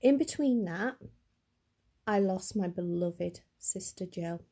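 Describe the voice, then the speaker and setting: Middle-aged woman, upset vlogger, halting and stammering, slow husky delivery, mellow tone. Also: medium pitch, animated. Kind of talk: personal vlog to camera.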